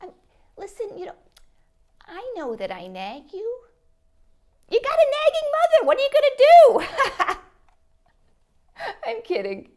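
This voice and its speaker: A high, sing-song mother whose voice swoops wildly as she whines and piles on guilt, played by a woman in a comedy sketch. She is melodramatic and nagging, never letting her son off the hook. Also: huge pitch swings, unhurried, pauses often, darkish tone, exaggerated voice. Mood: guilt-tripping. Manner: melodramatic, whiny, guilt-tripping. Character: nagging, guilt-tripping middle-aged Jewish-style mother. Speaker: sketch actor. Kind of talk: comedy sketch phone call.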